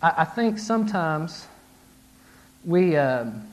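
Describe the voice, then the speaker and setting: Conversational man preaching, fairly high voice. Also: lively intonation, slow. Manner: conversational, frequent "right?" and "like", restarts, acted-out inner voices. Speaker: pastor. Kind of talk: casual sermon.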